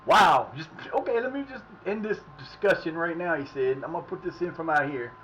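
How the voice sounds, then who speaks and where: A middle-aged man streaming live and chatting casually as he plays, excitable and profane, often yelling at the action. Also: on the high side, brisk, highs cut off, slight background noise. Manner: excitable, profane, shouts at the play. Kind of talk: casual live commentary while playing.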